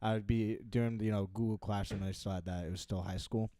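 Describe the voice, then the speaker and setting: A young man in casual chat as co-host, talking earnestly and halting now and then with fillers and restarts. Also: fairly low pitch, fairly even intonation, warm tone, no room sound. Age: young adult.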